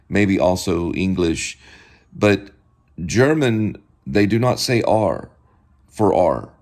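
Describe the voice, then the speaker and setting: A man's voice: low-pitched, a little mellow. A man hosting a casual home video, lecturing and drilling the same words over and over. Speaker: show host.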